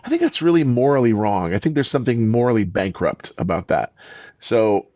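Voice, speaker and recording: A man's voice: lowish voice, big pitch swings, brisk, a little mellow, dry recording. A man who is an author and voice actor, telling stories emphatically as a podcast interview guest.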